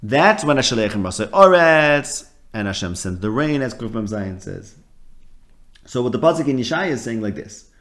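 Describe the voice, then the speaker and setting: A man's voice: medium pitch, normal speed. A man teaching a casual Torah lesson, talking in a conversational way that mixes Hebrew terms into English, with frequent ums and restarts. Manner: animated, voicing quoted speakers.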